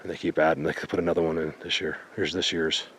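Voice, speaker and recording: A man vlogging outdoors in a forest, excitedly showing viewers what he finds and sometimes dropping to a whisper. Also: very deep voice, fast, noisy background. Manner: excited, talks to viewers, drops to a whisper at times. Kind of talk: outdoor exploring vlog.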